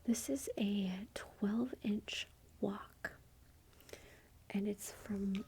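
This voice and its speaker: A woman hosting an ASMR channel, chatting in a soft whisper about her gifts while feeling unwell, with a self-deprecating touch. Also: medium pitch, steady tone, drawn-out words, background noise. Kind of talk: whispered ASMR haul commentary.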